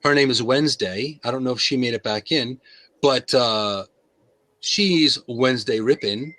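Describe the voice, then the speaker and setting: A man's voice: medium pitch, measured pace, pushed and bright, no echo. A man hosting a casual live-stream chat, talking in a put-on British accent and telling silly stories. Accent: fake British accent. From United States. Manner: playful storyteller, slips into put-on voices. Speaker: host.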